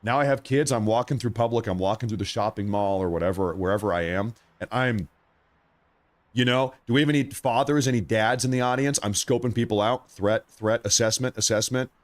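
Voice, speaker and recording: A man hosting a live news commentary stream, talking straight to his viewers with excitement while he is losing his voice. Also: on the low side, brisk. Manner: excitable, addresses viewers directly. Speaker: livestream host.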